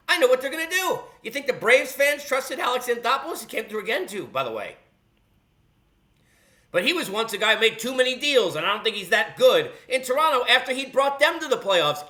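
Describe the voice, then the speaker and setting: A man's voice: high-pitched, bright, forceful tone. A man hosting a solo sports talk show, ranting sarcastically and scolding fans with emphatic, heated delivery. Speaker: sports radio host.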